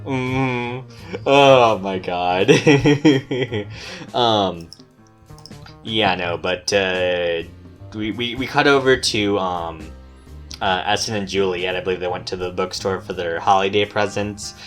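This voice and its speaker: A man's voice: lowish voice, takes it slowly, soft background music. A man co-hosting a podcast, casually recapping a tabletop game session as game master and swearing easily. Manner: laid-back, swears casually, laughs often.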